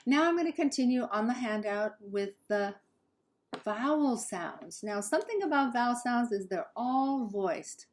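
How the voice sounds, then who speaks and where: A woman from Southern California with a Southern Californian accent, teaching English pronunciation slowly and carefully and modeling sounds for learners to repeat. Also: on the high side, animated. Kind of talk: pronunciation lesson.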